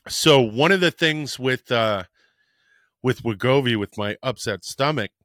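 A man's voice: medium pitch, measured pace, a bit bright, no echo, clean studio sound. A man hosting a podcast, telling a personal story in a frank, rambling way and swearing casually. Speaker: podcast host.

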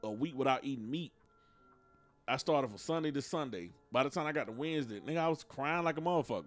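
A man's voice: medium pitch, lively intonation, fast talker, faint music behind. A man co-hosting a casual group podcast, telling rambling stories and acting out what he said at the time. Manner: rambling storyteller, acts out quotes. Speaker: podcast co-host.

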